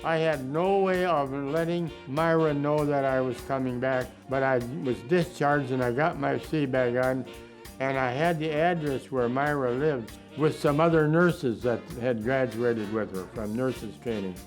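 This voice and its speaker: A man's voice: mid-range voice, measured pace, soft background music. A man over a hundred years old, a war veteran from Minnesota, telling his memories in a documentary interview and acting out the remembered dialogue. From Minnesota, United States. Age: 100s. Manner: reflective, acts out remembered dialogue.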